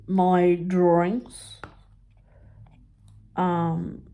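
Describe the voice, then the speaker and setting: A middle-aged woman chatting casually about her crafts, telling stories and acting out what others said in higher voices, laughing often. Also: warm tone. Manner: chatty storytelling, acts out quotes in high voices, laughs often. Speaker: crafting vlogger. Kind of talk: casual chat while crafting.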